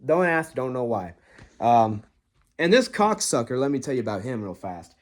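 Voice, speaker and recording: A young man telling a spooky story from his own life, rambling and swearing freely. His voice sits at an ordinary middle pitch. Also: moderate pace. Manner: profane, rambling, animated. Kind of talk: casual storytelling to camera.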